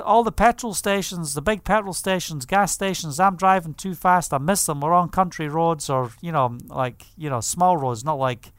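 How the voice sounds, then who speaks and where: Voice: mid-range voice, a bit bright, clean tone, no room sound, clean studio sound. A preacher giving a fervent testimony sermon, telling stories vividly. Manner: vivid storytelling, acts out quoted voices, fervent.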